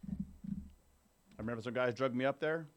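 A man's voice: mid-range voice, a little slow, smooth. A man in his fifties giving a candid personal recovery testimony to a group, talking conversationally and checking in with his listeners. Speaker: speaker at a recovery meeting.

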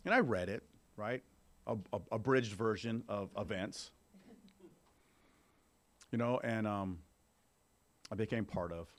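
A fairly low-pitched man in his fifties speaks to a room of listeners at a recovery meeting. He tells his own story candidly and conversationally, often tossing in a "right?" to keep the audience with him. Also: slow pace, long pauses. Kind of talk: personal recovery testimony to a group.

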